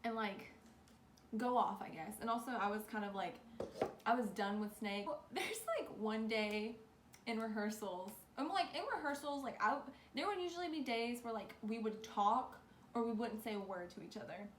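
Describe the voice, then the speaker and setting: A young woman telling a rambling storytime, animated and full of "like". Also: a little high, moderate pace, slight background noise. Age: young adult. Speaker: vlogger. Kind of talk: casual storytime. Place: bedroom. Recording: echoey room with faint ambience.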